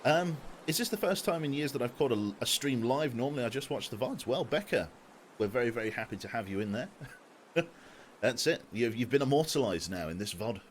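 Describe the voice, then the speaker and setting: Lively-voiced young man streaming games. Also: medium pitch, brisk, slight background noise. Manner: jokey, self-deprecating, swears casually. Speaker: game streamer. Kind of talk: casual live-stream chat. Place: home room. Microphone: desk microphone.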